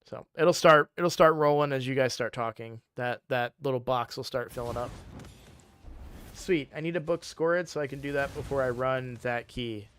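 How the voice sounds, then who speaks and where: A man's voice: medium pitch, normal speed, fairly bright tone, smooth, dry recording. A man chatting casually on a game live stream, sleepy and yawning, rambling with frequent restarts.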